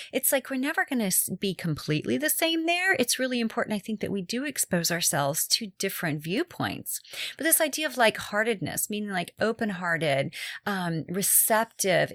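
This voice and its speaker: A woman's voice: mid-range voice, fairly bright tone, no room sound, clean studio sound. A middle-aged woman hosting a podcast, talking casually and chattily with frequent fillers and restarts. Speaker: podcast host.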